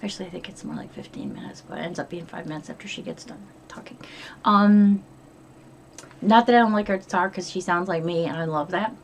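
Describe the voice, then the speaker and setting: A woman's voice: on the low side, very animated, fairly quick, vocal fry, slight background noise. A middle-aged woman from upstate New York chatting casually in a diary vlog, rambling and swearing freely. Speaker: vlogger.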